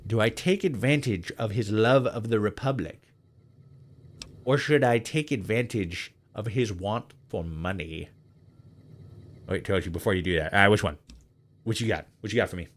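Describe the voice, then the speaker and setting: A man's voice: fairly low pitch, moderate pace, long pauses. A young man casually commenting while playing a game, swearing freely, laughing often and thinking aloud.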